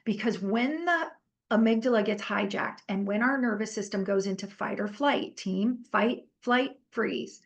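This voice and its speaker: A woman's voice: medium pitch, unhurried, gravelly. A middle-aged woman teaching a workshop in a casual, conversational way, telling stories and asking her group for comments. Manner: animated storytelling, conversational with fillers. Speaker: workshop trainer.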